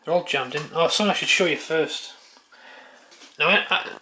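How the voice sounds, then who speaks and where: A man's voice: fairly high pitch, normal speed, bright, forceful tone, slight background noise. A man vlogging at home, chatting offhand with a handheld camera, muttering and swearing casually. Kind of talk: casual chat.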